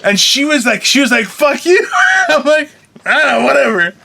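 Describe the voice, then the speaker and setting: A man's voice: very high-pitched, brisk, gravelly, bright, forceful tone. A man co-hosting a casual chat show, telling rambling, profane stories with lots of laughter. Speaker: co-host.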